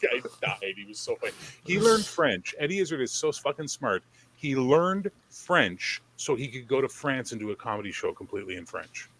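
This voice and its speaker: A man's voice: medium pitch, sing-song, moderate pace. Canadian male podcast host, casual and foul-mouthed, light background hiss. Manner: profane, storytelling, switches into French. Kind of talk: casual chat.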